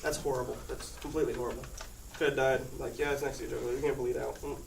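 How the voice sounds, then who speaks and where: A man's voice: medium pitch, level tone, very fast, creaky. A teenage boy telling a rambling personal story to his class, laughing often as he talks. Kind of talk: casual personal anecdote. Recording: echoey room, far-off mic, noisy.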